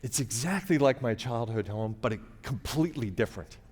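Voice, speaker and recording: A man's voice: mid-range voice, lively intonation, a little fast, a little mellow, breathy edge. A middle-aged man telling a wry, conversational comic story on a theater stage, playing to the audience. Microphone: stage mic. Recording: long theater reverb, faint hiss.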